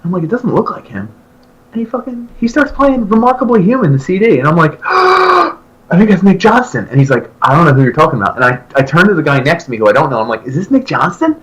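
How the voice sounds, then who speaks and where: A man in his thirties, a podcast co-host, telling a long story in casual chat and acting out his own excited remarks. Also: on the high side, fast talker, rough recording. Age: 30s. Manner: animated, jumps into loud excited quoted voices.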